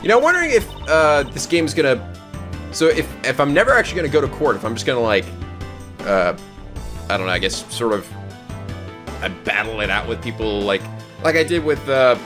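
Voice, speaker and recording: A man giving casual, joking gameplay commentary, excitable and swearing often. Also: medium pitch, fairly quick, long pauses, over music. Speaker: video game let's player.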